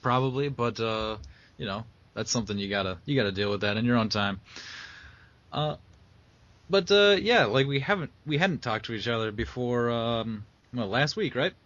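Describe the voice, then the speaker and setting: A man's voice: medium pitch, lively intonation, normal speed, fairly bright tone, dry recording, muffled recording. A man co-hosting a casual podcast chat in a joking, teasing way. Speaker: podcast co-host.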